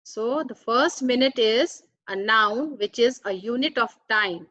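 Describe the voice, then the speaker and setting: Woman teacher going thru word meanings real slow, kinda muffled lo-fi voice-over. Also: on the high side, pushed and bright, no room sound. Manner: careful, deliberate, reads out word meanings one by one. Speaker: English teacher. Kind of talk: slow explanatory grammar lesson.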